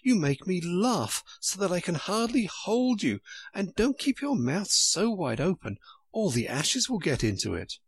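A man voicing Alice, a curious and gentle young girl, in a soft, lightly raised voice. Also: high-pitched, sing-song, measured pace, breathy edge, no room sound, pitched above the performer's own voice, heavily acted.

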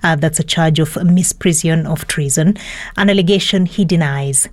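Low-voiced woman presenting radio news. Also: moderate pace, darkish tone.

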